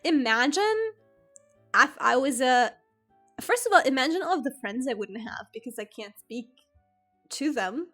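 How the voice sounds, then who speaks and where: A woman whose first language is German chats casually on stream, rambling and giggling at her own stories. Her voice sits a little high, and soft music plays faintly in the background. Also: lively intonation, unhurried, pauses often. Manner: rambling, giggly, self-deprecating. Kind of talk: casual chat with stream viewers.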